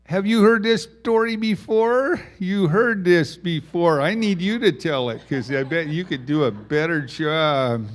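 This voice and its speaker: A man telling a children's story in a slow, folksy way, asking the listeners questions and putting on small voices for the characters. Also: fairly high pitch.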